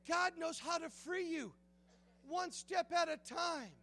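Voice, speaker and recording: A man with a Southern US accent preaching a sermon in a church, telling personal stories, swinging from hushed tones to loud bursts and laughing often. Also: very high voice, slow, soft background music. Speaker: guest preaching pastor. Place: church sanctuary.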